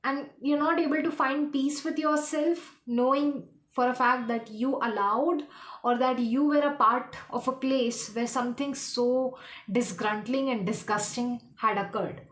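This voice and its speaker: High-voiced woman rambling through a tarot reading. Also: fairly even intonation, reverberant. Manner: rambling, halting, searching for words. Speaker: tarot reader. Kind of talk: casual tarot reading monologue.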